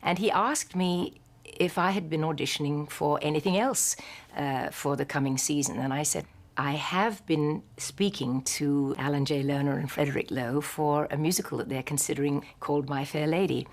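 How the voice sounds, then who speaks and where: An older woman narrating a documentary and telling personal anecdotes in a poised, measured way. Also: deep voice.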